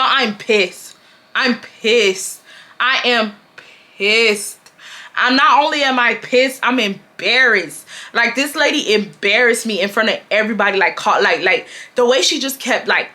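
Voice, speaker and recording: A woman in her twenties from Texas telling a storytime to her viewers in a casual, animated, profane way, calling them y'all. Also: medium pitch. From Houston, Texas. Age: 20s. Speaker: storytime vlogger. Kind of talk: casual storytime chat to camera. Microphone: camera mic.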